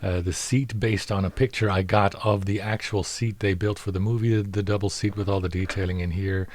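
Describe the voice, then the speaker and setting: Low-voiced man giving a halting model update. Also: dry recording. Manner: halting, full of fillers and restarts, grows excited. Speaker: scale model maker showing his work. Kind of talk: casual product update.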